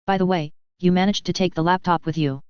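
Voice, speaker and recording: A woman voicing a dry-humored young male survivor in a story reading, low and smooth, on dull lo-fi audio. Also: fast, no echo, natural voice. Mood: flat. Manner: flat, wry, joking.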